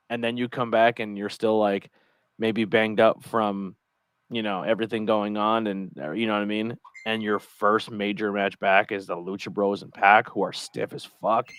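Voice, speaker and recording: A man's voice: lowish voice, a bit bright, smooth, dry recording. Casual rambling man, dry sound. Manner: rambling, hedging with "I think". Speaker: podcast co-host. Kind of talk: casual chat.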